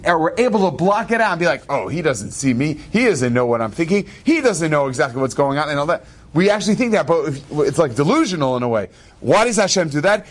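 A man telling an inspirational story in an animated, quick way, with asides and laughs. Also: fairly high pitch. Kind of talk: storytelling talk.

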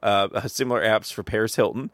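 A man's voice: on the low side, fairly even intonation, fairly quick, a bit bright, no room sound. A man hosting a casual podcast, reading out news with lots of fillers and frequent laughter. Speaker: podcast host. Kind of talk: casual chat.

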